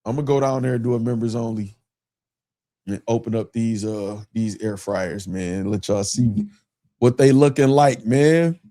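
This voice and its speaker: A man's voice: mid-range voice, a little slow, warm tone. A man hosting a casual livestream, talking loosely to his chat, repeating himself and laughing often. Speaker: livestream host.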